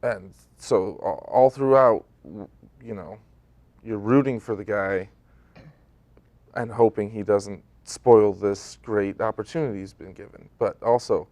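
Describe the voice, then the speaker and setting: Deep-voiced young man, relaxed studio chat. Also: a little slow, dry recording. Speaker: stage actor. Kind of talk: local TV interview.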